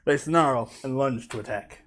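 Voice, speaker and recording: A man's voice: mid-range voice, normal speed, a bit bright, slight background noise. A man running a tabletop game as game master, casual and joking with his players.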